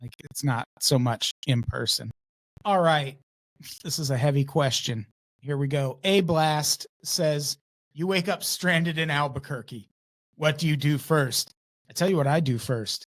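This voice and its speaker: A man's voice: a little high, a little slow. A man co-hosting a podcast, reading listener questions and chatting in a laid-back way. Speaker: podcast co-host. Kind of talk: casual podcast chat.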